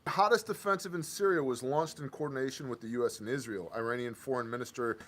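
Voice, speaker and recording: A man's voice: medium pitch, quick pace, fairly bright tone. A man hosting a live stream, reading news aloud and riffing on it with sarcastic, offhand comments. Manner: sarcastic, loose, reads headlines aloud then riffs.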